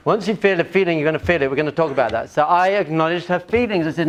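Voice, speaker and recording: A man's voice: fairly high pitch, lively intonation, quick pace. A male rabbi teaching a class, telling humorous family stories and putting questions to his audience. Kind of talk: lecture with personal anecdotes.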